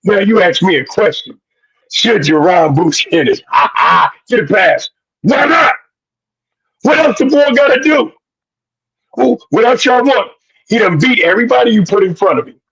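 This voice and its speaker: A man co-hosting a boxing podcast, loud and preachy, full of slang, sometimes shouting. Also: sits high, very animated, moderate pace, breathy edge, low-quality recording. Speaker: podcast co-host. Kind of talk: animated boxing talk.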